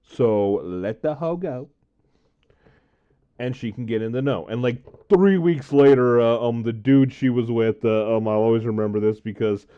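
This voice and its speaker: A man's voice: mid-range voice, normal speed, hardly any pauses, clear, resonant tone. Man rambling through a story, lo-fi. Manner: rambling, many fillers, quoting friends in his own voice. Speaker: vlogger. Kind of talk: casual storytelling to camera.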